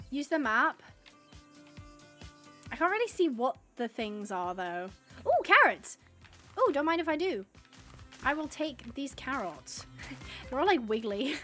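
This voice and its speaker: Woman gaming streamer, high lively voice, bright tone, excitable chat, faint music behind. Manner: chatty, excitable, talks to game animals. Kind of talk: live gameplay commentary.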